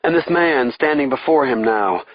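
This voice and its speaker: A man's voice: mid-range voice, expressive, moderate pace, no echo, muffled recording. A man giving a dramatic, tense scripted thriller narration. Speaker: audiobook narrator.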